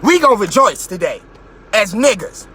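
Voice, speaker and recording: A man hosting a podcast, in a loud, mocking, boastful rant from his car, with his voice leaping up in outbursts. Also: sits high, big pitch swings, moderate pace, slight background noise. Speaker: podcast host. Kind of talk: profane comedic rant.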